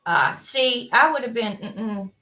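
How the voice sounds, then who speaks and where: A woman's voice: on the high side, animated, slow, pushed and bright. A woman, hosting a livestream and chatting casually with viewers, rambling with lots of fillers. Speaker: livestream host. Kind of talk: casual chat with live viewers.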